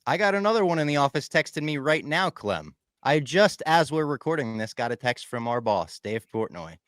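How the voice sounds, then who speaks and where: A man co-hosting a podcast, recapping a TV finale in casual chat, animated and swinging from loud outbursts to low asides. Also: brisk, no echo. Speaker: podcast co-host.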